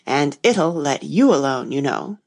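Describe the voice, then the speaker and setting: A woman voicing a very old male frog servant who speaks in a deep, hoarse whisper with a slow drawl. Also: expressive, darkish tone, heavily acted. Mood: grumbling.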